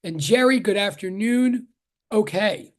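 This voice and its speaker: A man's voice: high voice, a little slow. A chatty male physics professor talking over a video call. He rambles, restarts his sentences and greets his students one at a time before getting to the lesson. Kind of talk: casual online class greeting.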